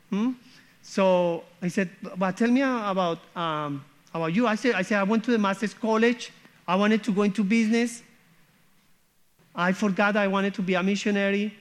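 High-voiced middle-aged man telling his story. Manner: storytelling, acting out quoted dialogue with chuckles. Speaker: speaker sharing his testimony. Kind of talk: personal faith testimony.

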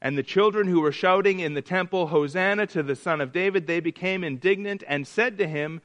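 A man teaching a Bible study, often stumbling and restarting, sometimes acting out quoted voices with rising excitement. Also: sits high. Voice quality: halting, repeats words and restarts often. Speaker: pastor.

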